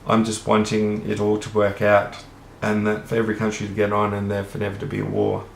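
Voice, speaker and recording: Gravelly Australian man rambling earnestly. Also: lowish voice, monotone, a little fast, a little hiss or hum. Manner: earnest, rambling, casually profane. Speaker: vlogger. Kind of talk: rambling monologue to camera. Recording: roomy echo.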